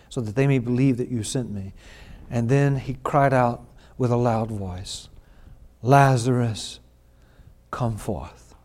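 A man in the pulpit, a pastor, reads scripture during his sermon, alternating between hushed, unhurried lines and loud, prolonged emphatic ones. His voice sits in the mid range.

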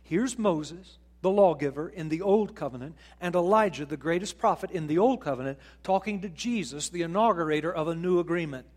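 Man, pastor, sermon, high voice, hushed to loud swings, dramatic delivery. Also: fairly quick, hardly any pauses. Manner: acts out quoted voices, putting on an excited high voice.

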